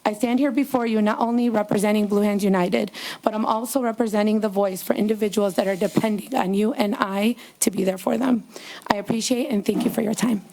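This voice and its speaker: A woman reads a prepared statement to a city council in a measured, formal way. Her voice is mellow and rather dark. Her pitch sits in the middle of the usual range. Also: steady tone, gravelly, a little hiss or hum. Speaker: public commenter, nonprofit co-founder. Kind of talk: prepared public comment read aloud.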